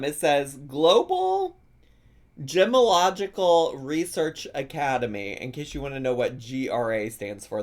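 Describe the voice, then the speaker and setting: A reaction streamer with a medium-pitched voice gives casual, playful live-stream commentary on a video. He laughs often and stretches words out in mock pronunciations.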